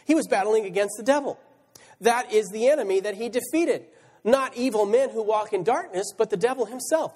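High, lively preaching man in a church hall. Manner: rhetorical questions, reads scripture aloud. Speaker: pastor. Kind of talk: sermon. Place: church sanctuary.

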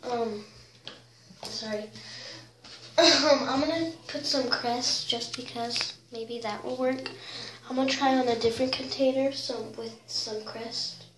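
A woman's voice: fairly high pitch, steady tone, measured pace. A young woman casually filming a craft tutorial, giggling, unsure of herself and often saying sorry. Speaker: vlogger. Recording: echoey room with loud noise.

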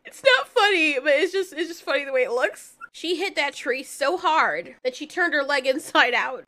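A woman casually recapping an animated film, blunt and profane, often breaking into laughter. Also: sits high, normal speed. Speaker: film reviewer. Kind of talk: casual movie recap commentary.

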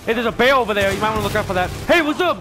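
A young man giving let's-play commentary, excitable and joking, often yelling and reacting loudly. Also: high-pitched, very fast, over music. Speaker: gaming YouTuber.

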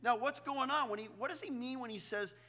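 A man preaching a sermon in a high, bright, forceful voice. He talks conversationally and keeps checking in with rhetorical questions. The sound carries the long, lingering reverb of a church sanctuary. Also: fairly quick. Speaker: pastor.

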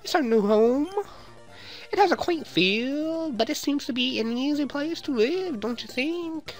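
A man doing a high falsetto voice for a sweet, doting mother while reading game dialogue aloud. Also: expressive, a little slow, faint music behind. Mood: cooing. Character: sweet doting mother, middle-aged woman.

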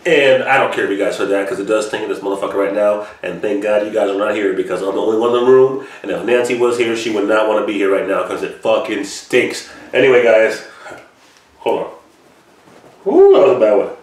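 A man's voice: lowish voice, a little fast. Man, reaction host, casual rambling, profane, roomy echo. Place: alone in a room. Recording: roomy echo, mic at a distance.

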